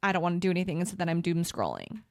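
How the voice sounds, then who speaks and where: A woman's voice: on the low side, wildly swooping pitch, racing, no room sound, clean studio sound. A woman in her thirties co-hosting a podcast, opening up in a candid, emotional and self-deprecating way. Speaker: podcast co-host. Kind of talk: candid casual chat.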